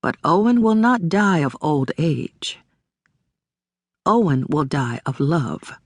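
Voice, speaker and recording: A woman narrating a literary audiobook in a measured, deliberate way, recorded on a close studio mic. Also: sits low, very animated, no room sound.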